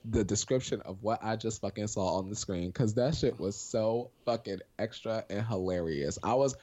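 A woman co-hosting a casual chat, telling stories in an animated, profane way. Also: extremely low pitch, normal speed, muffled recording. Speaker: podcast co-host.

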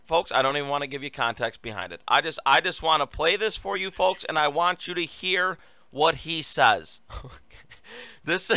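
A man's voice: a little high, bright, forceful tone, clean tone, no echo. A man hosting a talk show, delivering a sarcastic, ranting political monologue to his listeners. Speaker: radio talk show host.

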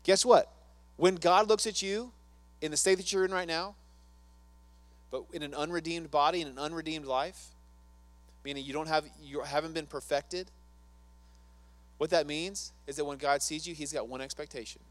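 Preacher, male: earnest sermon delivery, talks with the room, voice a touch high. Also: fairly even intonation, normal speed. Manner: earnest, conversational, asks the congregation questions. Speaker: pastor.

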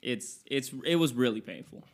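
A man's voice: mid-range voice, animated, normal speed. Rambling young man on a podcast. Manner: rambling storyteller, repeats words. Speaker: podcast co-host. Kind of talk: casual podcast chat.

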